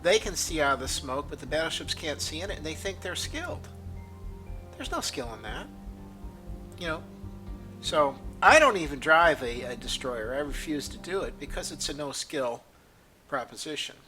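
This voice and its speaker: A man's voice: on the high side, lively intonation, moderate pace, long pauses, music in the background. A man giving casual, rambling gameplay commentary, opinionated and full of fillers and restarts, with the hiccups. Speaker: gaming video creator.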